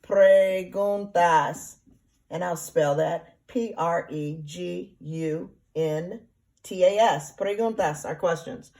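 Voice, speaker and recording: A woman's voice: low-pitched, slow pace, gravelly, warm tone. A woman teacher explaining grammar step by step in a recorded lesson, patient and repetitive, often checking in with "right?" and "okay?". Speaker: Spanish teacher. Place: classroom or home, remote teaching.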